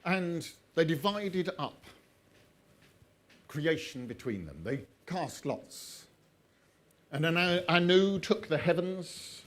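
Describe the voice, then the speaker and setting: A man telling an old myth, drifting into chatty asides and laughing often at his own jokes. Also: on the high side. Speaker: storyteller. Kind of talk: oral storytelling with chatty asides.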